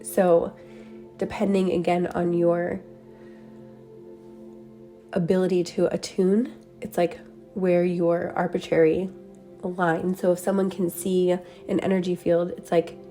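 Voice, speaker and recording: A woman with a mellow, slightly low voice drifts through a spiritual transmission, wandering from thought to thought with plenty of soft fillers. Faint music plays quietly under her. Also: little pitch movement, slow pace, long pauses. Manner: dreamy, meandering, many "like" and "um" fillers. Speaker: spiritual channeler. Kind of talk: meditative energy transmission talk.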